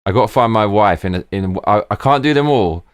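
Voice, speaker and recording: This live stream host has a lowish, clear, resonant voice and talks fairly quickly. Excitably thinking aloud as he and his viewers plan a trip, he keeps saying "look" and "bruv."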